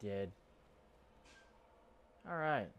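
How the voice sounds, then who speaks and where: A man's voice: fairly low pitch, expressive, extremely slow, a bit bright, smooth. A man casually commenting while he plays a video game, chatty and rambling, joking about himself. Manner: chatty, rambling, self-deprecating. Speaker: gaming channel host. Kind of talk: casual let's-play commentary.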